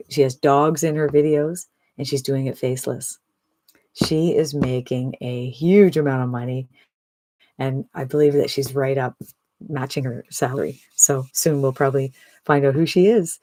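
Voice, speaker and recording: Upbeat sixty-something sales pitcher. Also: fairly even intonation, normal speed, darkish tone, dry recording. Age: 60s. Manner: upbeat, chatty, many rhetorical "right?". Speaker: online business promoter.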